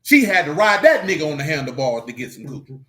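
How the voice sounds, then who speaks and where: Guy preaching loose and slangy, jokey, voice jumps up high when he gets going, kinda high-pitched. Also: fast talker. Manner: joking, swearing street slang; animated preaching with rising outbursts. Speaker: Bible teacher. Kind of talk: casual teaching stream.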